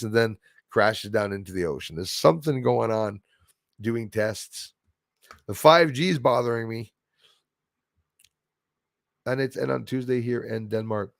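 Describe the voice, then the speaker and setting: A man chats casually on a livestream, reading viewers' comments and wandering off into indignant asides. His voice is gravelly and sits in a middling pitch. The sound is dry and close, with no room echo. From Canada. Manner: rambling, indignant, reads viewer comments aloud. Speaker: livestream host reading chat. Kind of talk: casual chat.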